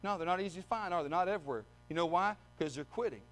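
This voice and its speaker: Man, sermon, high voice, bright tone, emphatic, repeats himself. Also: very fast, soft background music. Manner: emphatic, repeats words, dry humor. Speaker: visiting preacher. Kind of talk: sermon with scripture reading.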